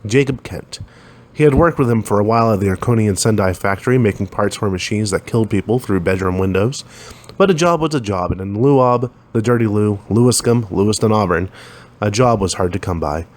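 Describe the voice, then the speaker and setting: A man's voice: fairly low pitch, a little fast, darkish tone. A man reading a science fiction story aloud, lifting his voice a little for the dialogue. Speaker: narrator.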